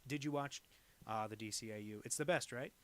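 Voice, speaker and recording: A cartoonist speaking a little fast, with a medium pitch and a bit of brightness, live-streams as he draws viewer requests. He talks casually and digressively, leans on lots of fillers, and often pokes fun at himself.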